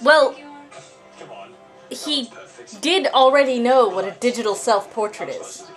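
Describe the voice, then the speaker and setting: A woman's voice: a little high, animated, slow pace, soft background music. A woman co-hosting a casual reaction chat, wry and talkative, riffing jokes while an episode plays.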